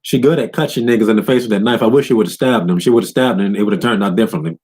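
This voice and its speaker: A man in a loose, profane rant recapping a video game, often breaking into higher voices to quote characters. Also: rapid-fire, darkish tone, husky. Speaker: gaming commentator.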